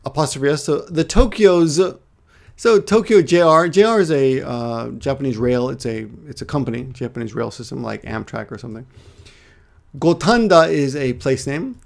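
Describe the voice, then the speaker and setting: A man teaching Japanese to English speakers in a casual online lesson, explaining step by step and repeating words slowly. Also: medium pitch, expressive, gravelly.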